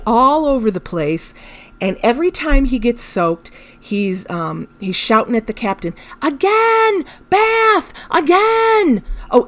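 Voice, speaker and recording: A woman hosting a podcast, telling a personal story in a candid, emotional way, with frank swearing and laughter through her telling. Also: medium pitch. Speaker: podcast host.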